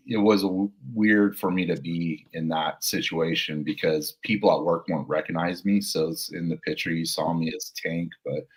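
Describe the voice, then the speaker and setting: A man's voice: sits low, fairly bright tone, slightly rough. A middle-aged man, a police officer and podcast guest, telling rambling, jokey stories about his life in an interview. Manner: rambling, jokey anecdotes with laughs. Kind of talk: storytelling interview.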